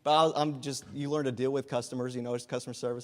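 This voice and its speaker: A man's voice: on the high side, fairly even intonation, rapid-fire, hardly any pauses, a little mellow. Earnest young man sharing a testimony in church. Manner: earnest, storytelling, frequent restarts. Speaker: guest speaker. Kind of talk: sermon testimony. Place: church sanctuary. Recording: long church reverb.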